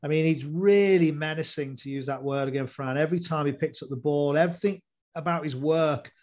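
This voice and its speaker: A man's voice: on the high side, brisk, darkish tone. A man hosting a casual football chat, rambling with many fillers and restarts. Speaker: podcast host.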